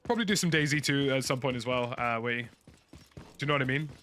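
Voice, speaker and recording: A man's voice: medium pitch, fast talker, fairly bright tone. A young British man chatting casually and rambling through frank opinions while streaming a game. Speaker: gaming streamer. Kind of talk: casual commentary while playing. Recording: noisy game audio underneath.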